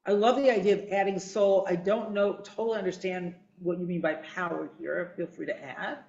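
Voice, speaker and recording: A woman leads a group text study, lively and quick to affirm each speaker. Her voice rings in an echoey room, and the sound is a little dull. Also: lowish voice, vocal fry. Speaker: discussion leader.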